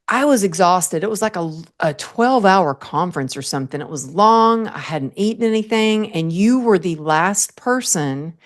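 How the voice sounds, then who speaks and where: A woman hosting a podcast interview, telling a story in an earnest, animated way and laughing often. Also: medium pitch. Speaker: podcast host.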